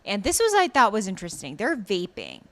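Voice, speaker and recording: A woman co-hosting a podcast, recapping a drama in casual chat, animated with many fillers and laughs. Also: mid-range voice, fairly quick. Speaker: podcast co-host.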